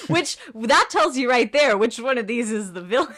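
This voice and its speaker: A woman co-hosting a podcast in casual chat, animated and emphatic, laughing often. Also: fairly high pitch, moderate pace. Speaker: podcast co-host.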